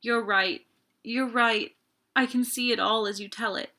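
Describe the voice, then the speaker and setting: A woman's voice: on the high side, steady tone, a little slow, sharp tone, voice pushed up. A woman voicing an impulsive, anguished young woman in an audiobook, pleading and close to tears. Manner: emotional, pleading, near tears.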